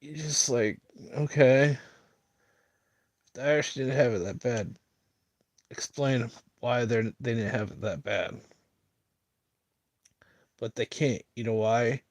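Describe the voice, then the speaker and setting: Man, mid-pitched, dry close sound; loose rambling streamer delivering a mocking monologue. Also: takes it slowly, pauses often, dry recording. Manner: rambling, filler-heavy, mocking.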